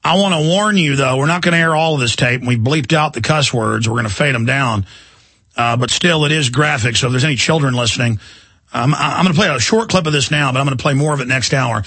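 A man's voice: medium pitch, fast, bright, forceful tone, breathy edge, no echo. A man hosting a talk radio show, rambling and indignant in an emphatic monologue from a studio.

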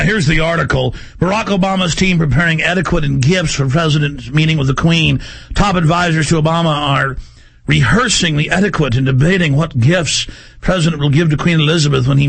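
A high-voiced man hosts a radio talk show with a gravelly, fry-laden edge. He talks fast and pushes hard, jumping between questions and articles read aloud. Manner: rapid, pushy and excitable.

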